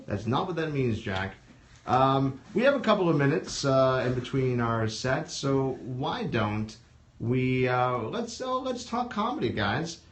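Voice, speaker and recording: A man's voice: medium pitch, expressive, slow pace. A man hosting a live comedy stream, emceeing between sets and loosely ribbing the comics. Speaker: comedy show host. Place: comedy studio.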